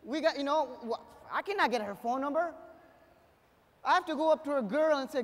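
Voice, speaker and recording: A young man performing a stand-up comedy set on stage, punchy and energetic, with bursts of shouting. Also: extremely high pitch, a little fast. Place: live comedy stage before an audience. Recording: long hall reverb.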